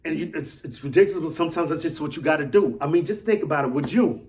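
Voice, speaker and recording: A man giving casual solo commentary as a fan vlogger, rambling and animated, repeating himself and swinging between loud and soft. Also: fairly high pitch, quick pace.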